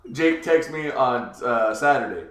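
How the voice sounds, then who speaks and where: Male podcast host, mid-pitched voice, crude joking storyteller, roomy echo. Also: expressive, measured pace. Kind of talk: casual chat, storytelling. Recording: echoey room.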